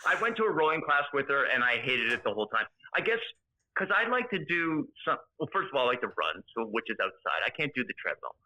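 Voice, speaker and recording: A man's voice: mid-range voice, very animated, fast talker, bright, forceful tone, poor audio. A man from Canada, a podcast guest chatting casually in a joking, rambling way. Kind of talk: casual chat.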